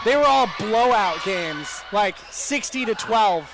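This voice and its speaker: A man's voice: high voice, lively intonation, slow, a crowd in the background, noisy background. A man calling a college volleyball match in a casual, jokey, rambling way. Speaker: play-by-play commentator. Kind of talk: casual sports commentary.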